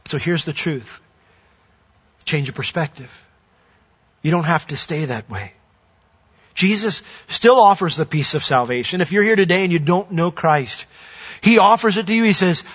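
An earnest male pastor with a husky, slightly high voice. He builds emphasis through the sermon and then softens into a quiet prayer. The sound is dull and lo-fi. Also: lively intonation, normal speed, pauses often.

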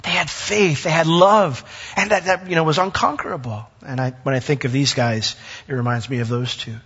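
A man's voice: a little high, steady tone, a little fast, fairly bright tone, breathy edge. A man giving a conversational sermon, retelling scripture and acting out the people in it. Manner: conversational storytelling, acting out characters with a raised voice. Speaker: preacher. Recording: dull sound with long hall reverb.

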